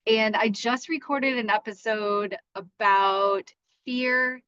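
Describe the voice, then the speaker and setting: A woman's voice: fairly high pitch, fairly even intonation, sharp tone, smooth, dry recording, muffled recording. Woman talking in a parked car. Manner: rambling, halting, with many restarts and fillers. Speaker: podcast host. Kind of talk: casual solo podcast monologue.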